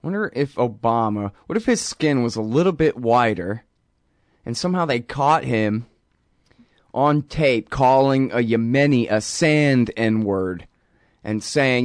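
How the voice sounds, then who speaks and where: A man's voice: medium pitch, expressive, a little slow, dry recording. Man, show host, sarcastic rant, mocking, rambling, dry sound. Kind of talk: casual political rant.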